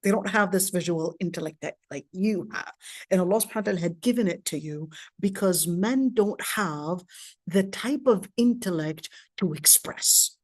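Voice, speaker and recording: A woman's voice: fairly low pitch, moderate pace, no echo, clean studio sound. A woman from Palestine, in her thirties, giving a casual lecture with personal anecdotes, chatty with frequent restarts and asides.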